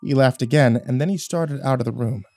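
A man's voice: medium pitch, a little fast, mellow, dry recording. A man narrating a first-person horror story in a tense, dramatic reading.

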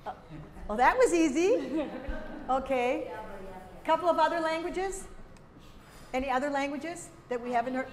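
Woman presenter in a reverberant hall. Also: high-pitched. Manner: conversational, halting with frequent fillers, quizzes the audience. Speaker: workshop presenter for language teachers. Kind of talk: conference workshop talk. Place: large conference hall.

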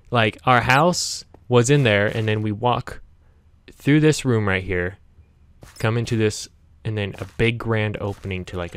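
Excitable man narrating his gameplay. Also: fairly low pitch. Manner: chatty and easily startled, yelps and laughs at the game; talks directly to viewers. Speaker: gaming channel host. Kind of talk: casual gameplay commentary.

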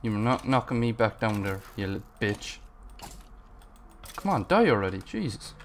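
A man's voice: lowish voice, sing-song, normal speed, a little hiss or hum. A man narrating his Minecraft gameplay, frustrated and swearing as he rambles to himself. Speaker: gaming channel host.

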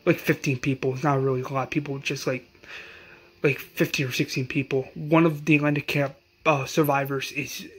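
A man's voice: medium pitch, level tone, brisk, breathy edge, rough recording. Rambling man recapping an episode. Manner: rambling, filler-heavy retelling. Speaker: recap host.

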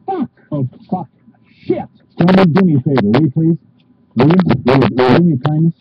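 A man fumbles takes on a product video shoot, cursing constantly as he loses his lines. His fairly high voice swoops widely. It comes from a dull, lo-fi old tape buried in loud hiss. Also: lively intonation, fast talker. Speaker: presenter of a promotional video. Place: on a hot video set with flies around.

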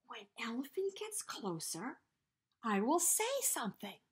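A woman doing a cheeky high-voiced spider trickster. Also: big pitch swings, measured pace, husky, heavily acted. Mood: playful. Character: sly greedy male spider trickster.

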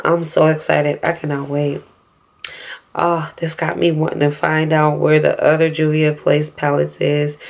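A young woman vlogging a makeup haul, excitable and gushing, talking straight to her viewers. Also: low voice, vocal fry. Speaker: beauty vlogger and store employee. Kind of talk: casual haul vlog.

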